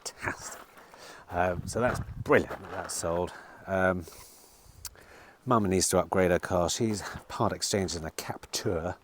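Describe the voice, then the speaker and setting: Chatty car dealer, low voice. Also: male voice, measured pace, fairly bright tone, slight background noise. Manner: chatty, rambling, swears casually. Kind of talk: casual vlog chat to camera. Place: outdoors in bright sun at a car lot.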